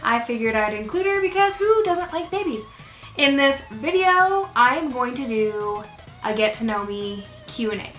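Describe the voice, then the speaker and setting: A woman's voice: a little high, lively intonation, a little slow, fairly bright tone. Chatty young woman vlogging in an echoey room. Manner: chatty, rambling, with fillers and self-corrections. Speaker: beauty YouTuber. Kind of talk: casual Q&A vlog. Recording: echoey room with music behind.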